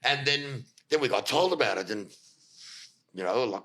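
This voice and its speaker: A man telling a story as a podcast guest, animated, swearing freely and acting out what others said. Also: medium pitch, normal speed. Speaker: guest, fight coach.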